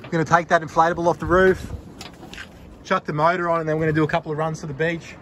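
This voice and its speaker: A man's voice: a little high, level tone, fast, fairly bright tone, a little hiss or hum. A man with an Australian accent casually narrating his fishing vlog in a laid-back, rambling, slangy way, talking outdoors on a boat and beach. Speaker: fishing vlogger.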